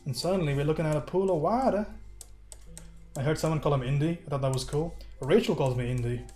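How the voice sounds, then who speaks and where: With faint music behind him, a man from the United States speaks quickly in a warm, somewhat high voice. It's a laid-back digital painting stream where he banters with his audience while working.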